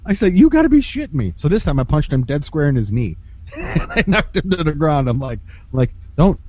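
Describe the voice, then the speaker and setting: A man's voice: on the high side, expressive, fairly quick, darkish tone. A man telling a story in casual podcast chat, swearing freely, laughing often and acting out what people said. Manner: profane, laughs often, acts out quotes. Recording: dull lo-fi podcast audio.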